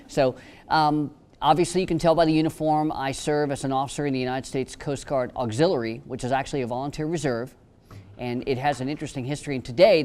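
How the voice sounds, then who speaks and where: A man's voice: medium pitch, a little mellow. A man speaking on a panel, telling wry stories and cracking jokes about his work. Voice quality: joking, storytelling. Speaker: panelist, attorney. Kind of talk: humorous panel talk.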